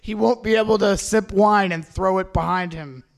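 A man's voice: high voice, fairly even intonation, moderate pace, vocal fry, crowd noise. A man co-hosting a comedy podcast, riffing with jokey asides in casual chat. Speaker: podcast co-host.

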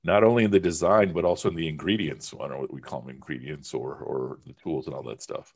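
Male teacher with an extremely low, deep voice, chatty and emphatic in class. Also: fairly even intonation, fast, breathy edge. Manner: conversational, emphatic, uses many fillers. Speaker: religion teacher. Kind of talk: informal class discussion.

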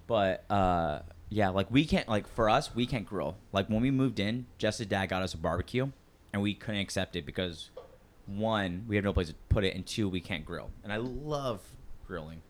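A man's voice: on the low side, expressive, normal speed. Rambling, jokey man in casual chat. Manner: rambling, jokey, hesitant restarts.

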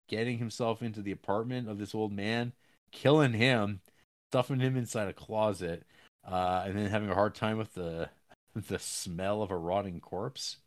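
A man casually recapping a film's plot with rambling fillers and restarts, jumping up in pitch when he acts out characters' lines.

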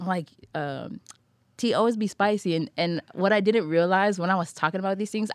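A woman who is a podcast guest, talking in an animated, casual way, swearing freely and laughing often. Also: on the low side, no echo. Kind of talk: casual chat.

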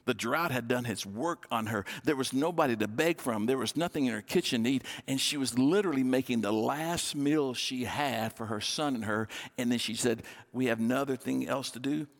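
A man preaching a sermon from the pulpit at a middle pitch. He tells the story lively, stepping into the characters' voices as he goes. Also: moderate pace, hardly any pauses. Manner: storytelling, acting out biblical dialogue. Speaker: pastor.

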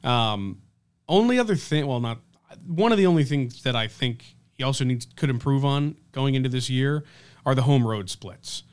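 An easygoing male podcast co-host with a crisp, resonant voice at a middle pitch. He chats loosely and banters playfully, talking into a handheld mic. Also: animated, normal speed. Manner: easygoing, laughs often, playful. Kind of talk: casual sports podcast chat.

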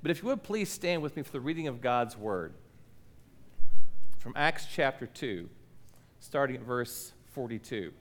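A man preaching a Sunday sermon from a church pulpit mic, friendly and questioning, with emphatic pauses. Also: mid-range voice, expressive, fairly bright tone. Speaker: pastor. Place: church sanctuary. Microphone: lowered stand or pulpit microphone.

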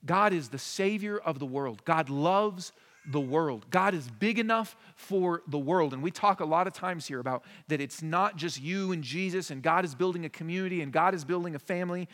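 A man's voice: a little high, normal speed. Conversational man preaching in a reverberant church. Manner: conversational, swings from hushed to emphatic. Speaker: pastor. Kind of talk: sermon. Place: church sanctuary.

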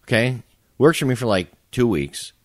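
A man's voice: medium pitch, animated, moderate pace, no echo, clean studio sound. A man co-hosting a podcast, telling a story in a casual, profane, dryly sarcastic way. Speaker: podcast co-host.

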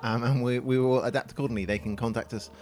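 A man co-hosting a science podcast as the chemist, trading quick jokey banter. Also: medium pitch, steady tone, a little mellow. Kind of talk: casual science chat.

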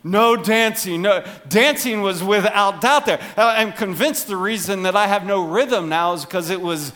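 A man preaching a humorous sermon to his congregation, joking and animated, dropping to quiet asides. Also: high voice, a little slow. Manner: jokey, animated, drops to soft asides. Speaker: pastor.

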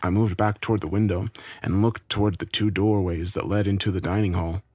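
A man narrating a horror story in a grave, steady way. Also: deep voice, fairly quick, husky, dry recording.

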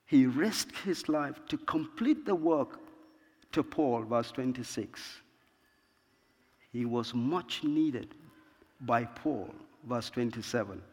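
Slow, measured male preacher in a reverberant hall. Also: mid-range voice, expressive, a little mellow, breathy edge. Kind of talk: sermon. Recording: long reverb of a large hall.

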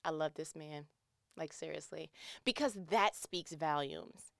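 A young woman chats casually in a bright, clean voice recorded close and dry. She talks animatedly, tearing up a little and acting out the quoted lines in her stories. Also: low voice, unhurried, creaky, no room sound. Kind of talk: casual chat.

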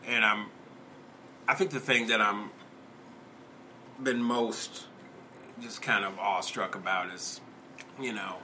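A low-pitched man hosting a group podcast, his voice bright and forward. He talks in a halting, sincere way, restarting his sentences, and faint noise sits under the recording. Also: fairly even intonation. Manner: halting, heartfelt, many restarts. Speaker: podcast host. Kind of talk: casual chat.

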